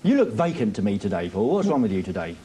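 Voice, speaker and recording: A man's voice: on the low side, sing-song, fast, mellow, a little hiss or hum. A man hosting a music TV show, chatty and self-mocking in a playful way. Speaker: TV host. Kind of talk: jokey TV show presenting.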